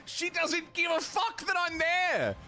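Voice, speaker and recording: A man's voice: very high voice, very animated, slow, bright, forceful tone. A man chatting casually on a gaming livestream, swearing freely and laughing at his own stories. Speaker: streamer. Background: background music.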